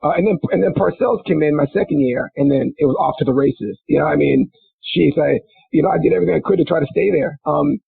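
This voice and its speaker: A man's voice: fast, gravelly, slightly rough, no echo. A middle-aged man from Minnesota, a former football player, telling stories in a rambling, casual way with many restarts and fillers. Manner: rambling, many restarts and fillers, laughs into high-pitched bursts. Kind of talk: casual storytelling interview. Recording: dry, phone-like line.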